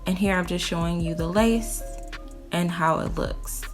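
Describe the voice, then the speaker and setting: A young adult woman vlogging a casual product review, telling her story in an animated, chatty way with frequent laughs and asides to viewers. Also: lowish voice, measured pace. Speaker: beauty vlogger. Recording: roomy, distant mic with faint music.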